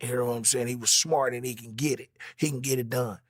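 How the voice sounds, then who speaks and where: A man's voice: mid-range voice, steady tone, fast talker, no room sound. Casual, assertive male commentator, dry sound.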